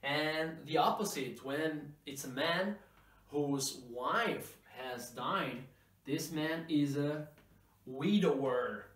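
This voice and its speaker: A man teaching English pronunciation, stretching out model words slowly for learners to repeat. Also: on the high side, fairly bright tone, distant mic. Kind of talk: pronunciation lesson. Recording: echoey room, voice from off-mic.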